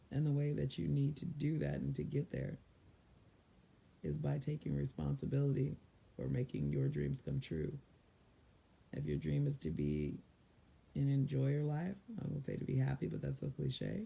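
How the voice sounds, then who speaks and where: A man's voice: mid-range voice, expressive, moderate pace, gravelly, warm tone, husky, muffled recording. A man from San Diego giving casual motivational advice to viewers in a loose, conversational way. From San Diego, California. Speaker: mindfulness vlogger.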